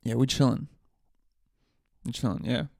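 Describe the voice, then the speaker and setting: A man's voice: medium pitch, normal speed, vocal fry, no echo. Male podcaster, casual profane storyteller, dry close sound. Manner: profane, animated storytelling with laughs. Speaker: podcast host.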